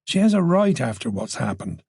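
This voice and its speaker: A narrator doing a calm Irish police chief. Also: male voice, mid-range voice, normal speed, vocal fry, husky, dry recording, clean studio sound, exaggerated voice. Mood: reassuring. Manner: soothing, maddeningly reasonable.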